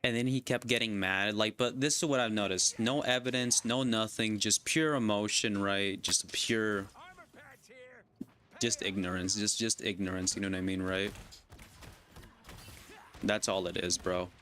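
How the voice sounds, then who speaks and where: Low-voiced man ranting while gaming. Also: steady tone, a little slow, pauses often, sharp tone. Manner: argumentative, constantly asks "right?" and "you know?". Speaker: gaming streamer. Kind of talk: casual rant while gaming.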